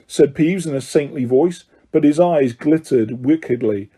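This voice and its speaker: A man reading an audiobook with lively, dramatic storytelling. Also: a little high, a little slow, hardly any pauses, slightly rough. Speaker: audiobook narrator. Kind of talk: scripted narration.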